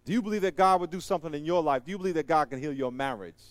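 Preacher guy, kinda high voice, jokey and animated, goes loud then quiet, dry close sound. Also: rapid-fire, no echo. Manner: animated and joking, big swings between loud and quiet. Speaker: pastor. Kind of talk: sermon.

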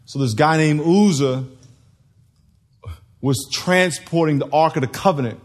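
A man's voice: a little high, a little slow. A man preaching a sermon to a congregation, telling stories, acting out voices and laughing. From United States.

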